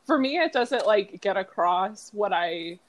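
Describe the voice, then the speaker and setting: A woman guest on a casual book podcast, talking in a quick, upbeat, self-deprecating way. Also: mid-range voice, animated. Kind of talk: casual chat.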